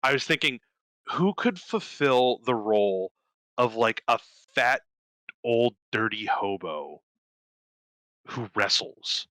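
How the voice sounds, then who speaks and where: A young podcast co-host tells a story with lots of swearing and quick character voices. His tone is bright and forceful, and the recording is dry and close. He talks casually and animatedly. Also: mid-range voice, expressive, no echo, low-quality recording. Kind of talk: casual chat.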